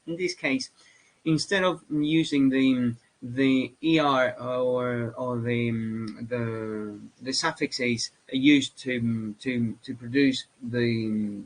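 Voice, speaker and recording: A man gives a grammar lesson in English, his second language after Spanish. He speaks at a middling pitch, stopping often with fillers and restarting his sentences. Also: low-quality recording. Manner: halting, many fillers and restarts. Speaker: English teacher. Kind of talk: lecture on grammar.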